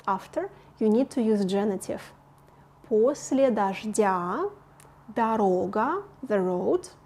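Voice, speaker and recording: Slow, patient woman teacher. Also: medium pitch, a little mellow. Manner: patient, explains slowly, repeats words for practice. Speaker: Russian language teacher. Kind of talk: online language lesson.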